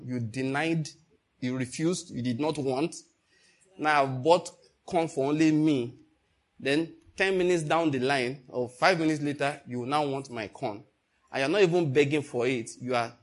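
An older man preaching a sermon, telling a story and calling out questions to the congregation. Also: mid-range voice. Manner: storytelling, animated, calls out to the congregation.

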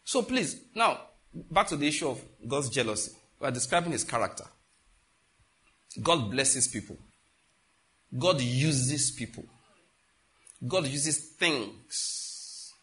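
A man's voice: animated, slow, long pauses. A man preaching a sermon as pastor, emphatic, asking his congregation rhetorical questions. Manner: emphatic preaching, rising and dropping in pitch and loudness.

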